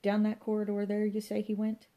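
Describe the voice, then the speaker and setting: A woman reading an audiobook voices a brisk, officious male police inspector who talks in a formal, clipped, commanding way. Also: medium pitch, monotone, warm tone, pitched above the performer's own voice, lightly acted.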